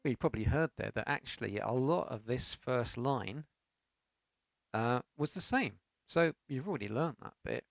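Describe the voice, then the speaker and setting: A man's voice: mid-range voice, animated, moderate pace, vocal fry. A man teaching a beginners' piano lesson, explaining notes patiently and counting beats aloud with sung syllables. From United Kingdom.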